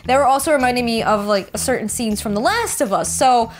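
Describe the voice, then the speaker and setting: A woman's voice: high voice, fairly quick, few pauses, soft background music. A young woman hosting an anime reaction video, gasping, squealing and repeating herself as she comments.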